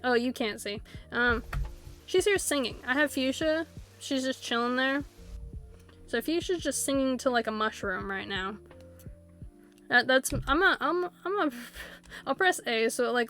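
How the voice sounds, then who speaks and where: A woman's voice: high voice, fairly bright tone. A woman streaming a video game, chatting casually with her viewers and laughing often as she rambles. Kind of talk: casual live-stream chat while playing.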